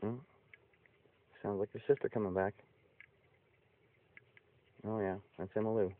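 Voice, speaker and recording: A man outdoors by a barn talking to his pet foxes and a cat, often cooing at them in a high sing-song voice. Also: steady tone, unhurried, long pauses. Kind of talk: casual talk to animals. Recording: tinny lo-fi phone-like audio.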